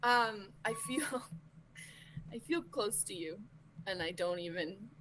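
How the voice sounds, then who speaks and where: A woman's voice: medium pitch, expressive, slow, fairly bright tone, slight background noise, poor audio. A woman playing in a tabletop game over an online call, talking in a nervous, careful way and swearing now and then. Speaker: player. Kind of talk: casual chat at a tabletop game. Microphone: online call mic.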